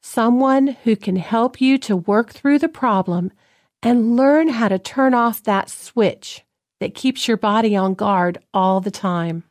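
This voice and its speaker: Calm woman co-host, slightly high voice. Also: takes it slowly, no echo, clean studio sound. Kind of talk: scripted radio talk.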